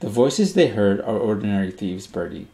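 A man doing a gentle, soothing mother. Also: fairly low pitch, big pitch swings, normal speed, gravelly, echoey room. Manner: soft, soothing bedtime tone. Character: gentle, reassuring young mother soothing her child.

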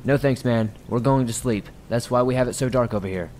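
A man's voice: mid-range voice, brisk, darkish tone, a little hiss or hum, lightly acted. A man voicing a husband who speaks urgently and tensely in a horror story reading. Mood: firm. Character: panicked young husband, urgent.

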